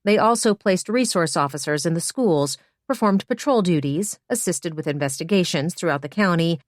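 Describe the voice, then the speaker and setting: A woman's voice: on the low side, animated, moderate pace, no room sound, studio quality. A woman reading a story aloud as narrator, giving light voices to the characters. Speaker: audiobook narrator. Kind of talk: scripted narration.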